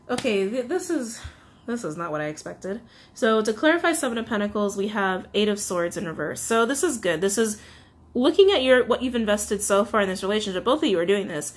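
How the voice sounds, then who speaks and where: A woman's voice: mid-range voice, slight background noise. A woman giving a casual tarot reading to camera, chatty and confiding, full of fillers. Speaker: tarot reader.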